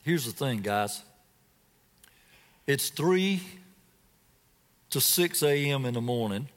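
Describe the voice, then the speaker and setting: A man's voice: mid-range voice, long reverb tail. A man preaching a sermon as a guest preacher, telling a scripture story dramatically and asking his listeners direct questions. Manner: asks the congregation direct questions.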